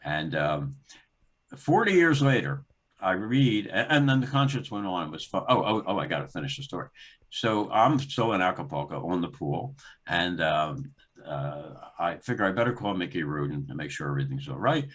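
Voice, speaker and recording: Low-voiced older man telling animated stories. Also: normal speed, slightly rough. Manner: animated, acts out dialogue in the story with rising pitch and laughter. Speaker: guest, former sports executive. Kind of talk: anecdotal storytelling in conversation.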